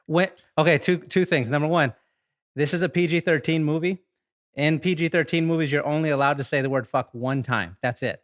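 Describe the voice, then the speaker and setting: A man's voice: fairly high pitch, fairly quick. A man co-hosting a casual movie podcast, enthusiastic and repeating words for emphasis. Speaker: podcast co-host.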